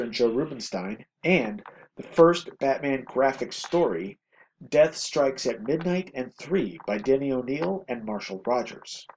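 A man's voice: medium pitch, a little hiss or hum, rough recording. A man hosting a podcast, giving casual, rambling commentary with self-deprecating asides. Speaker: podcast host reviewing comics.

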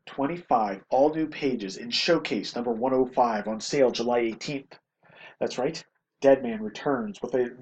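A man's voice: medium pitch, rough recording. Man casually flipping through comics. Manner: rambling, self-deprecating, with frequent fillers. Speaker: podcast host reviewing comics. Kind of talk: casual commentary.

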